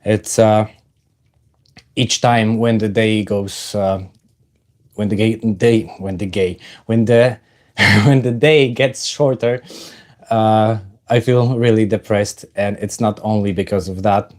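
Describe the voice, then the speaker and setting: A man hosting a casual livestream, halting with many fillers while he greets viewers in the chat and talks about his own life. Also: lowish voice, fairly even intonation, darkish tone. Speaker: livestream host.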